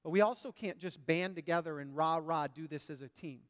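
A male pastor preaching a sermon, animated, swinging between loud emphasis and quiet asides. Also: a little high, a little fast, big-room sound.

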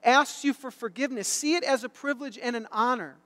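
A middle-aged man preaching a sermon, telling a story and building to loud, emphatic bursts. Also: extremely high pitch, fast talker. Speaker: pastor. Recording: long hall reverb.

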